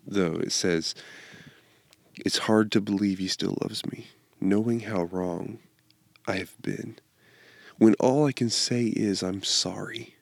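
A man giving an informal devotional talk, reading song lyrics aloud in a slow, earnest way that halts and restarts. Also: lowish voice, gravelly, no echo. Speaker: devotional speaker.

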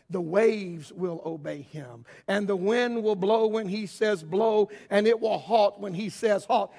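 A man preaching a sermon in a church hall, swinging between yelling and quiet asides. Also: high-pitched, creaky, husky. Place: church hall with worship band.

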